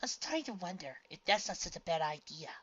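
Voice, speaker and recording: A woman's voice: on the low side, very animated, fast talker, a bit bright, slightly rough, dull audio, voice pushed up, heavily acted. A woman voicing a grumpy, cynical pony mare who talks coldly and grumbles. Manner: cold, grumbling.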